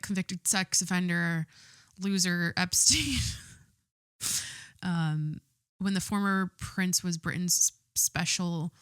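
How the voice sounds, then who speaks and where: A woman hosting a podcast, her voice sitting a little low for a woman. She reads news aloud and reacts bluntly and with swearing, tripping over words and correcting herself as she goes. The sound is dry and close to the mic. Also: no echo. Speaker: podcast host. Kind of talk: casual chat reading and reacting to news.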